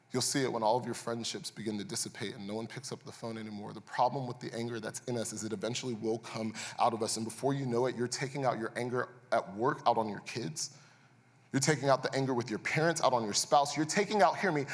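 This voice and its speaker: A man preaching a sermon as pastor, conversational and building to intense, repeated refrains. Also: medium pitch. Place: church auditorium. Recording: church hall reverb.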